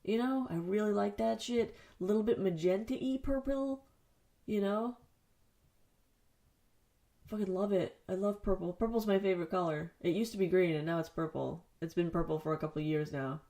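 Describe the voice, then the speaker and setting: A woman hosts a casual solo podcast in a mellow, mid-range voice at a moderate pace, rambling, cursing often, and making herself the butt of her jokes. She's in a home basement studio, speaking into the wrong side of a studio mic.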